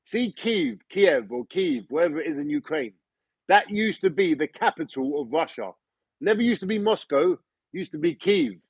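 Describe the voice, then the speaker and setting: A man's voice: sits high, slightly rough, no echo. A man ranting in an opinionated monologue, swearing and firing off rhetorical questions. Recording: dull lo-fi recording.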